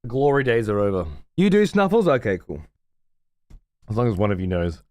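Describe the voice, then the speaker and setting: A man's voice: lowish voice, sing-song, a little fast, a little mellow, no room sound. A man hosting a livestream from his room at home, chatting casually with viewers in profane, sarcastic banter. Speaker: livestream host.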